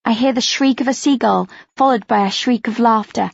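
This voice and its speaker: A woman reading a first-person audiobook aloud with expressive, tense storytelling. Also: fairly high pitch, fairly quick, creaky, no echo, dull audio. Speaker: audiobook narrator.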